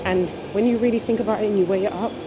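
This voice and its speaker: A young woman chats to her camera as she walks through the city, bubbly and talkative. Her voice sits mid-range and is picked up by a small clip-on mic. Clear traffic and station noise run behind her. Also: mid-range voice, fairly even intonation, very fast. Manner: chatty and bubbly, laughs often, talks to camera while out walking. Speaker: vlogger. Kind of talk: casual vlog chat. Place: outdoors and in a train station. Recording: noisy street and station background.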